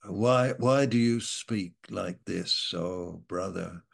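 A man preaching an informal sermon that explains Bible verses, rambling and saying "you know" often, dropping at times from loud to hushed. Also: sits low, slow pace, gravelly.

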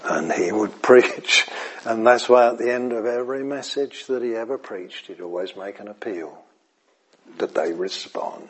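Husky-voiced preacher giving an evening sermon. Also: male voice, mid-range voice, moderate pace. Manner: animated, repeats phrases, drops to near whispers; chuckles and asks the audience if he makes sense.

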